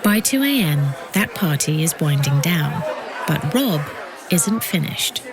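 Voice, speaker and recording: A woman narrating a documentary podcast from a script, with a measured delivery that builds suspense. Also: sits low, big pitch swings, a crowd in the background, background noise.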